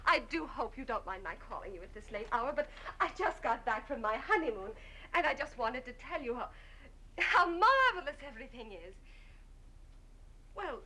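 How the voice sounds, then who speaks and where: A woman's voice: fairly high pitch, sharp tone, slight background noise. A woman playing a newlywed wife in a 1960s film comedy, breezy, affectionate and coy.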